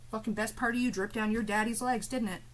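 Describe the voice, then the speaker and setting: A woman with a fairly high voice goes off at her chat during a live stream. She is profane and combative, with cutting sarcasm. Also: fairly even intonation, quick pace, rough recording.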